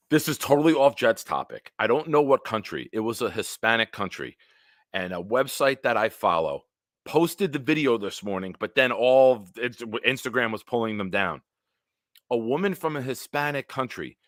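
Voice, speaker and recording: A man hosting a casual solo livestream, telling stories in a rambling, animated way with big swings in loudness. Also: medium pitch, measured pace, dry recording, studio quality. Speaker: livestream host.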